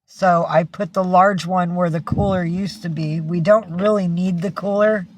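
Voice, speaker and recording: A woman's voice: lowish voice, fairly even intonation, moderate pace, no echo. Chatty woman hosting a livestream. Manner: chatty, reads out viewer names, coos at her pets. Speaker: livestream host. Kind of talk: casual livestream chat.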